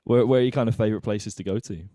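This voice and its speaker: A podcast host with a fairly low, warm voice talks very fast in a casual chat. His questions ramble, often trailing off and starting over. The studio sound is clean, with no echo.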